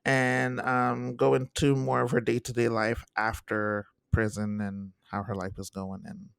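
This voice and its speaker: A man co-hosting a podcast in casual chat, animated and repeating himself as he talks in bursts. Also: mid-range voice, a little slow, gravelly, smooth, dry recording, studio quality. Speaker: podcast co-host.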